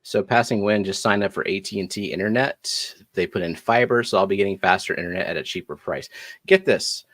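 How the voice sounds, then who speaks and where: A man with a low voice hosts a relaxed live stream hangout. He chats casually with a wry, mildly grumbling tone. His voice sounds dry and close to the mic. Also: brisk, dry recording. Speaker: livestream host. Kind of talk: casual chat.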